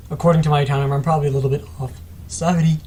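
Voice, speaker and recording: A man's voice: a little high, little pitch movement, brisk, darkish tone, a little hiss or hum. A man giving casual commentary on a strategy game replay, rambling and self-mocking with chatty asides, still a bit sick. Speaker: gameplay commentator.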